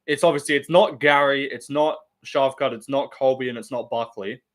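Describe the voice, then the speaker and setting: A man's voice: medium pitch, moderate pace. A young man rambling casually and profanely on a live stream, laughing often and reading chat.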